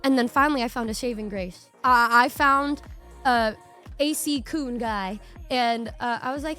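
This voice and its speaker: A young woman streamer telling a story to her audience in a casual, animated way, swearing freely and acting out her reactions. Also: on the high side, moderate pace, soft background music.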